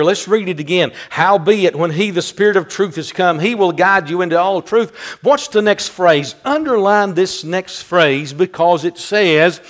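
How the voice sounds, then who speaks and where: A man, preaching a sermon as pastor, emphatic and repetitive, building into fervent exclamations. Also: high voice. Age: 60s.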